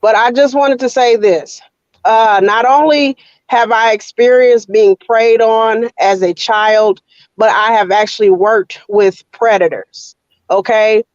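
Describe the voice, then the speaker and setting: A woman speaking as a panel guest, measured and hesitant, with pauses and fillers. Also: a little high, fairly even intonation, no room sound, muffled recording. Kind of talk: casual panel talk.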